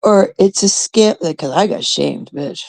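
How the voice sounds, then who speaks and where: A woman's voice: medium pitch, a little slow, a little mellow, poor audio. A woman in her thirties, a host from Canada, telling a rambling, casual story full of swearing and quoted voices. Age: 30s.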